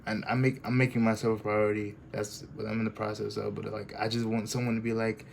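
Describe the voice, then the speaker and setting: A man giving a halting, emotional confessional vlog, full of restarts, recorded in his bedroom. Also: fairly low pitch, little pitch movement, gravelly, slight background noise. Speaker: vlogger.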